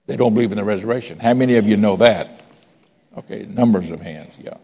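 In a big-sounding room, a man with a lowish, gravelly and warm voice preaches fast. The pastor keeps his pulpit sermon conversational, telling stories, asking the congregation questions and inviting raised hands.

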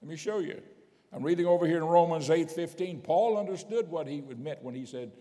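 A man's voice: on the high side, fairly quick, dark tone. Preaching man in a reverberant church. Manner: emphatic preaching, repeats key phrases. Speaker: bishop preaching. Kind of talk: sermon. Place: church sanctuary.

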